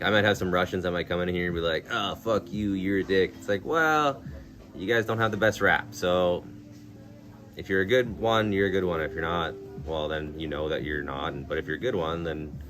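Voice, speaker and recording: Blunt, low-voiced young guy streaming. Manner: blunt, swears a lot, many "like" fillers. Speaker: live streamer. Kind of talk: casual live-stream chat. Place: outdoors in a town at night. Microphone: phone. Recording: music playing behind.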